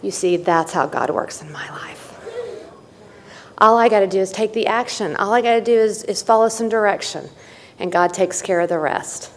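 A woman's voice: medium pitch, a little fast, slight background noise. A middle-aged woman telling her personal story at a recovery meeting, candid and folksy with wry asides. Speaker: speaker sharing at a recovery meeting. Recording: long hall reverb.

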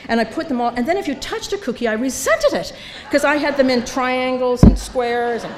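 Older lady sharing her story at a meeting, funny, does voices, kinda high voice, hall echo and faint hiss. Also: animated, fairly quick. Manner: storytelling, acts out voices, self-mocking humor. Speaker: speaker sharing recovery story. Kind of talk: recovery meeting talk. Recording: reverberant hall, faint background noise.

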